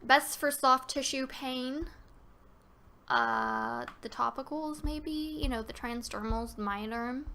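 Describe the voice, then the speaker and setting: A woman's voice: sits high, big pitch swings, takes it slowly, sharp tone, slight background noise. A woman hosting a casual live-stream Q&A, talking loosely with many fillers and restarts and reading viewer questions aloud.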